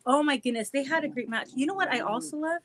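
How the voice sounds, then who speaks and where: A woman's voice: sits high, quick pace, noisy background. A woman hosting a casual live-stream chat with viewers, bubbly and giggly, breaking off to coo at her dogs. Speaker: show host chatting with viewers.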